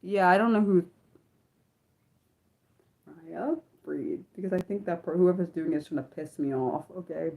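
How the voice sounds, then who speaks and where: A woman's voice: on the low side, normal speed, gravelly, pauses often, darkish tone. A young woman hosting an unscripted livestream, chatting in a rambling way with lots of filler words. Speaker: livestream host.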